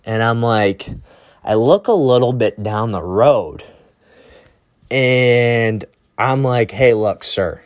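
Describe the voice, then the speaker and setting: A man's voice: medium pitch, slow pace, pauses often. A young man hosting a podcast, telling a casual, rambling story and often tagging his sentences with "right?". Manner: rambling, tags lines with "right?". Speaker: podcast host.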